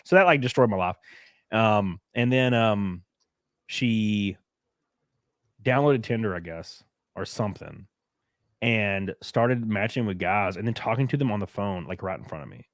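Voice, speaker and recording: Open-hearted man, low voice, dry sound. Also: animated, measured pace, no echo. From United States. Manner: candid, rambling storytelling with many fillers. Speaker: podcast host. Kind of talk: casual chat.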